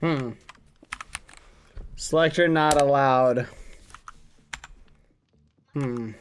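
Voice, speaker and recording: A man's voice: mid-range voice, steady tone, very slow, slight background noise. A man streaming a building game, chatting casually and playfully with his viewers, humming as he thinks. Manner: musing, playful, hums a lot.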